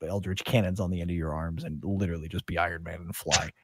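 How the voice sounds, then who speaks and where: A man running a tabletop game as game master, narrating in a relaxed, rambling way with many fillers. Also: sits low, fast talker, breathy edge, no room sound.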